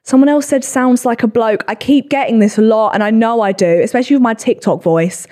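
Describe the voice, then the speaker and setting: Low-voiced sarcastic woman podcaster. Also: brisk, warm tone. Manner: swearing, sarcastic, self-deprecating. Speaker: podcast host. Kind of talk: solo podcast chat, reading comments.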